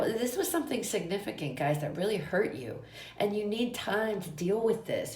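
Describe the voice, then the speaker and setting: A woman's voice: fairly low pitch, echoey room. A woman giving a casual tarot reading, talking straight to her listeners in a chatty, repetitive and emphatic way, with a runny nose and watery eyes. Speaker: tarot reader. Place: small room at home.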